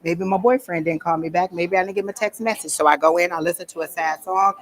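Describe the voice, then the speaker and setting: A woman's voice: lowish voice, steady tone, fast talker, a little hiss or hum. A woman talking informally to a workshop audience at a psychic fair, chatty and conversational, stopping to ask the room for questions.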